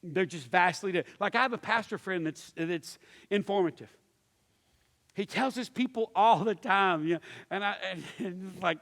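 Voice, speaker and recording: A man's voice: sits high, moderate pace, fairly bright tone. A male pastor teaching a church class, telling stories and acting out the voices in them, with many restarts and fillers. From Pittsburgh area. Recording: long hall reverb.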